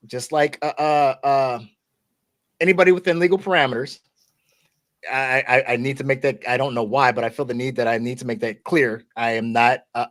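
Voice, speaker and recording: A man's voice: medium pitch, a bit bright. A man from the United States hosting a podcast in a loose, conversational way, with many restarts and "okay?" asides. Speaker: podcast host. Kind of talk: casual podcast discussion.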